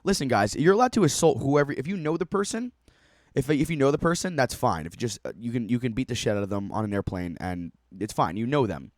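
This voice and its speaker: A man's voice: mid-range voice, expressive, fast, no room sound, clean studio sound. A man streaming a reaction to a video, giving profane, mocking running commentary and laughing often.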